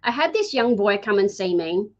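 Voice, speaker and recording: A woman healer, a guest on the show, telling stories in a chatty, animated way full of fillers. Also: mid-range voice, moderate pace. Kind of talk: casual conversational storytelling. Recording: dull lo-fi audio.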